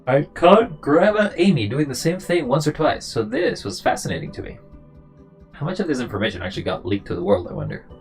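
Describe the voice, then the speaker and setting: An earnest young man from a story game, asking careful questions, voiced by a streamer reading along. The delivery is brisk and plain with some gravel, over faint background music. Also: medium pitch. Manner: brisk, flat dialogue reading. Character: earnest young man searching his grandmother's past. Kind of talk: reading game dialogue aloud.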